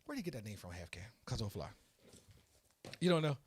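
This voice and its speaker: A man hosting a casual podcast, telling a story in an excitable, animated way that builds to loud peaks. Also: mid-range voice, quick pace, breathy edge, no echo. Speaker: podcast host.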